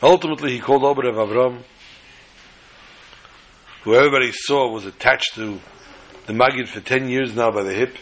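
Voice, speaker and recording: A man telling religious stories in an animated, dramatic way, repeating phrases for effect. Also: mid-range voice, a little fast, long pauses, poor audio. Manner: animated, dramatic storytelling with repetition. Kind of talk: storytelling lesson.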